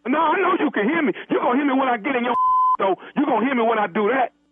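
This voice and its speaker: A man's voice: very high voice, expressive, quick pace. A man playing an angry man who accuses a valet worker, confronting him in a prank call. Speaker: radio prank caller. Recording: tinny phone line.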